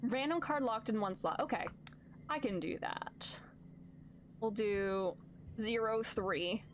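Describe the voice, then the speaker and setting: A woman's voice: mid-range voice, slow, slight background noise. A young woman streaming a narrative game, making chatty, joking asides while reading it aloud. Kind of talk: casual game let's-play commentary.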